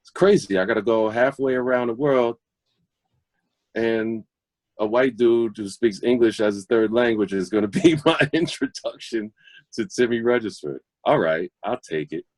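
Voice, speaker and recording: A middle-aged man, a guest DJ, telling stories casually, animated and confident, laughing often. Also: medium pitch, moderate pace, no room sound. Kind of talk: casual storytelling.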